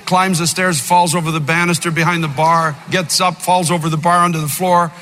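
An older man preaching an impassioned sermon, moving between loud fervent outbursts and low, quiet storytelling. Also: little pitch movement, fairly quick, a little hiss or hum. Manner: fervent preaching, by turns shouting and dropping low, with storytelling asides. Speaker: pastor. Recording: long reverb of a big hall, faint music.

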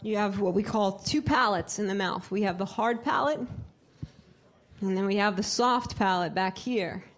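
A woman's voice: mid-range voice, moderate pace. A woman who directs a choir, teaching a live group how to sing vowels, asking questions and singing short demonstrations. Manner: interactive, asks the group questions.

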